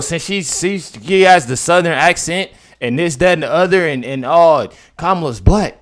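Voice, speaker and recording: A young man, commenting casually on a video clip. He is incredulous, swinging between loud outbursts and low mutters. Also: lively intonation, normal speed, few pauses.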